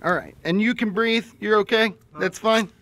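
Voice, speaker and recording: A man with a high-pitched, sharp voice performs a comedic role as a jittery male robber, menacing one moment and apologetic the next. He speaks at a moderate pace.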